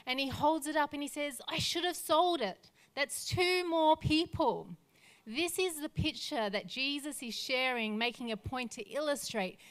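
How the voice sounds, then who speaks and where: A woman pastor preaches with a smooth, clear voice that sits a little high. She speaks earnestly and stacks phrase upon phrase as she builds toward a rousing point. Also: fairly bright tone. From Australia. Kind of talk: sermon.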